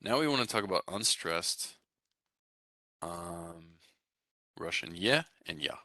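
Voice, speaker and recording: A man's voice: low-pitched, lively intonation, slow pace, pushed and bright, dry recording, clean studio sound. A man teaching a language class, explaining pronunciation rules in a casual, rambling way with many fillers and restarts. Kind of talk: recorded class lecture.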